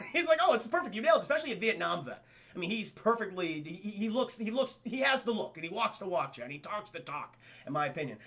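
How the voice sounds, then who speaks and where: High, bright-voiced excitable male streamer. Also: creaky. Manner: excitable, profane, keeps addressing chat. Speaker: film reviewer streaming to chat. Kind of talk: casual live-stream film breakdown.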